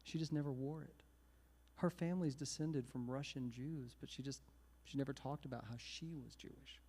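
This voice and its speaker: A man, a singer-songwriter telling a self-mocking story between songs at a live synagogue service, chatty and animated. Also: medium pitch, moderate pace, husky. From Texas. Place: synagogue sanctuary, live event. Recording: reverberant hall with guitar behind.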